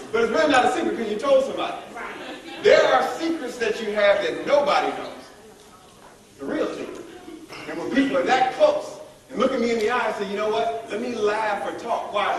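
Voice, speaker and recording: A man leading a motivational leadership workshop, talking in an energetic, playful way to a live group. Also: high-pitched. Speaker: workshop speaker. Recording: echoey room from far off.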